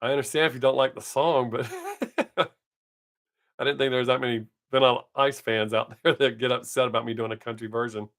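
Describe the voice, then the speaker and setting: A man's voice: mid-range voice, lively intonation, a little fast, a bit bright. A man in his fifties, a comic chatting casually on his live stream, rambling and joking crudely, with a slight scratch in his voice. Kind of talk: casual chat.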